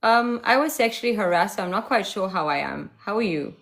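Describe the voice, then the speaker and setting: A woman's voice: medium pitch, expressive, a little fast, creaky, a bit bright. A woman from South Africa with a South African accent, hosting a live stream, talking to callers in a sassy, taunting way. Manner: sassy, taunting, switching voices. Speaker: livestream host.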